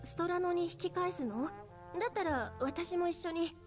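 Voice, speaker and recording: A gentle young woman of the church speaks softly and politely in a game. Her voice is very high, with music running underneath. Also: fast.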